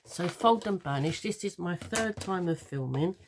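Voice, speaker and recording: Homely English woman crafter, gravelly low voice, chatty, meandering tutorial delivery, faint background hiss. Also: expressive, normal speed. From London. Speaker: papercraft tutor. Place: home craft room.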